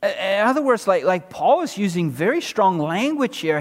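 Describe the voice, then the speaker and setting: A man preaching a sermon verse by verse, swinging from loud emphasis down to low, quiet drops, with sarcastic rhetorical questions. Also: animated, normal speed, few pauses, big-room sound. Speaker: pastor.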